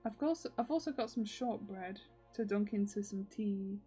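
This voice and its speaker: A woman's voice: medium pitch, normal speed, dark tone, slightly rough, soft background music. A woman chatting casually in a video diary, rambling with lots of fillers and frequent laughs. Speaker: video diarist.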